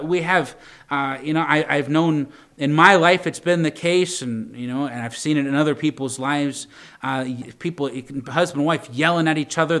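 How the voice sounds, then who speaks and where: A man's voice: fairly high pitch, fairly bright tone. A young adult man preaching a sermon, talking conversationally and asking the congregation for an amen. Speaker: pastor.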